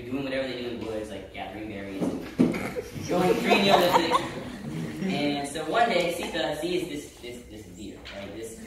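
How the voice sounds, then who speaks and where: A young man casually retelling a story live to a student audience, chatty and loose, often tagging his lines with "right?" and restarting his sentences. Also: a little high. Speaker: storyteller at a student festival event. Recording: echoey room, distant mic, background noise.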